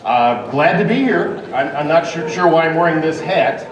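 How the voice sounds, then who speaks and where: A man's voice: a little high, expressive, moderate pace, lo-fi sound. Guy guesting on a stage show, cracking jokes, sounds far off in an echoey room with a crowd. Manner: punchline setups, playful. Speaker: guest executive. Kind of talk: joking stage banter. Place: large event hall with audience.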